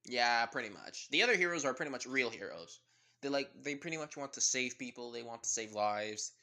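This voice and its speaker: Casual male storyteller, rambling, bright clear tone. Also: medium pitch, lively intonation, fairly quick. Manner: rambling, many fillers. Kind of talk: casual fan-story narration.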